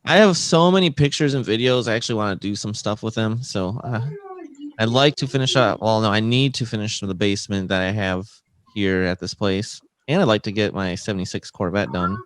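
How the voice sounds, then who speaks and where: A man's voice: on the low side, fairly quick. A man co-hosting a podcast, talking plainly about his goals in a casual, earnest way. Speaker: podcast co-host. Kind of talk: casual chat.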